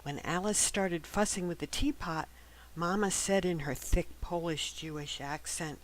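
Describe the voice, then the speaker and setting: A woman reading a novel aloud as scripted first-person narration, gentle and even, sometimes dropping to a hush. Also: on the low side, a little slow, rough recording. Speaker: audiobook narrator.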